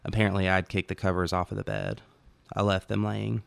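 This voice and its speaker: A man reading his own short story aloud as first-person audiobook narration, calm and even. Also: low voice, fairly quick, creaky, smooth, no echo.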